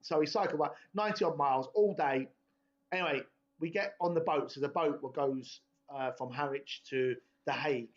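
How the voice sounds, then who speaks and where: A man's voice: a little high, moderate pace. A young man, telling a rambling, sweary story in laddish podcast chat. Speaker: podcast host. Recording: dull lo-fi podcast audio.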